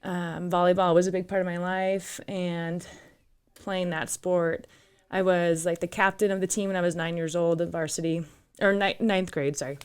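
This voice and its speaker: This Minnesotan-accented woman, in her thirties and from up north in the state, talks at a moderate pace with a lowish, level, slightly mellow voice. She's a studio guest in a relaxed interview chat, sharing her story openly and with laughter. The studio mic recording carries a little hiss or hum.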